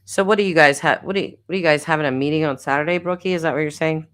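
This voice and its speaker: A woman's voice: deep voice, very fast, fairly bright tone, smooth. A middle-aged woman hosting a casual live stream, reading chat comments aloud, giggling and teasing herself about getting names wrong. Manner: giggly, self-deprecating, chatty.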